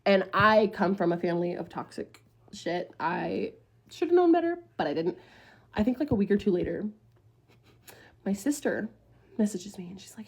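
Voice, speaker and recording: A woman's voice: medium pitch, sing-song, moderate pace, gravelly, long pauses, breathy edge. A young woman in her early twenties telling a personal story in casual storytime style, blunt and profane, acting out the other people's lines. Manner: blunt, profane, dramatic retelling with quoted voices.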